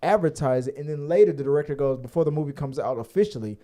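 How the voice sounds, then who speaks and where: A man's voice: fairly high pitch, quick pace, mellow. A man co-hosting a podcast in loose, rambling casual chat, joking and swearing freely. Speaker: podcast co-host.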